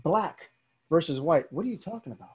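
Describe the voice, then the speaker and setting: Telling stories animatedly on his podcast, a young host slips into the voices of the people he quotes. His voice sits on the high side, a little rough, and he keeps a brisk pace through the casual conversation.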